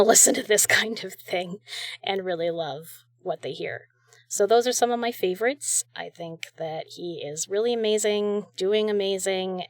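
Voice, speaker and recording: A woman's voice: medium pitch, no echo. A woman hosting a casual chat show, gushing and chatty about audio creators she loves. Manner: gushing, chatty, with small restarts. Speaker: podcast host reviewing audio creators.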